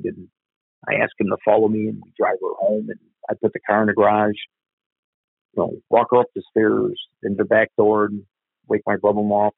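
A man's voice: on the low side, creaky, breathy edge, no echo, narrow, tinny audio. A middle-aged man, a police officer, bluntly and profanely retelling a family tragedy in a candid interview. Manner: blunt, profane, repeats himself while recalling. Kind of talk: candid conversational storytelling.

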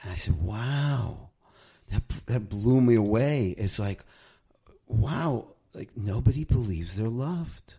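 A man who is a rabbi and author speaks as a guest in an interview, reflecting gently like a teacher. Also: on the low side, lively intonation, slow, creaky, breathy edge. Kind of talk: conversational interview.

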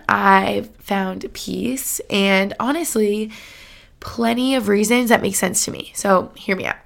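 A woman's voice: medium pitch, moderate pace, creaky, fairly bright tone. A woman in her late twenties hosting a solo podcast, talking casually and emotionally with frequent "like" and laughs. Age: late 20s. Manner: chatty, heavy use of "like", laughs often, emotional. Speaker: podcast host.

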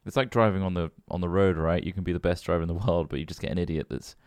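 A man's voice: low-pitched, racing, no room sound. A man from England co-hosting a comedy podcast from home, laid-back and sweary, chuckling as he talks in casual chat. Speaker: podcast co-host. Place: home room. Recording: dry home setup.

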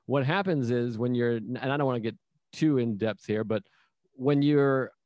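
A man talking candidly in a casual chat, animated and often swearing. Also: mid-range voice, normal speed, no room sound, studio quality. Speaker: comedian.

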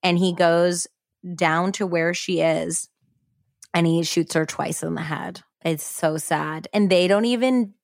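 A woman's voice: on the low side, fairly even intonation, slow pace, vocal fry, no room sound, clean studio sound. A woman hosting a podcast, telling a true-crime story in a casual, chatty way, full of "like" and blunt swearing. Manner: chatty, frequent "like", blunt and profane. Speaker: podcast host.

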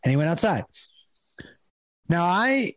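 Animated, laughing male comic storyteller. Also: high voice, unhurried, no room sound. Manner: laughs often while telling a story; acts out quoted voices. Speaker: comedian guest.

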